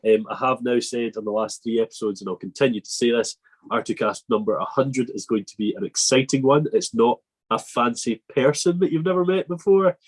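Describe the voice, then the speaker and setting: A man's voice: medium pitch, brisk, low-quality recording. A man hosting a farming podcast, chatting casually, joking and laughing at himself. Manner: joking, laughing, self-mocking. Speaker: podcast host. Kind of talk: casual interview chat.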